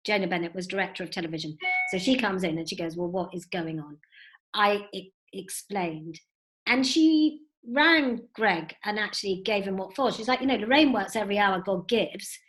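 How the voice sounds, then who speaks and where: A woman in her fifties, a guest telling lively stories with many "you know"s over a video call from home. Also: mid-range voice. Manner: animated storytelling with frequent "you know". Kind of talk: recorded video call interview. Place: at home indoors.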